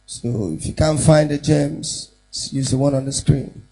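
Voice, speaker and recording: A pastor from Nigeria preaching a sermon, leading the congregation in Bible reading and building into shouted, sing-song exhortation. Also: male voice, a little high, fairly even intonation, measured pace, gravelly, faint music behind, low-quality recording.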